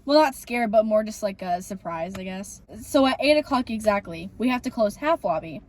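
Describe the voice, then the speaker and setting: A woman's voice: mid-range voice, animated, normal speed, a little mellow. A young woman co-hosting a casual chat, telling a rambling work story. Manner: chatty, rambling with fillers. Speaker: podcast co-host.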